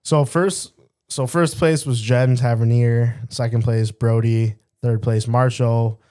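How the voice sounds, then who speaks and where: A man's voice: medium pitch, fairly even intonation, takes it slowly, mellow, clear, resonant tone. A man co-hosting a casual podcast chat, a bit sick, with a nasal voice and a cough, laughing as he tells stories. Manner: laughs while telling stories. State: sick with a cough and stuffy nose. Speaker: podcast co-host.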